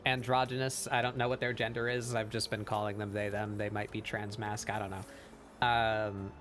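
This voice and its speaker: A man's voice: fairly low pitch, level tone, normal speed, a bit bright, soft background music. A man hosting a casual art stream, talking in a laid-back, hesitant way while he draws.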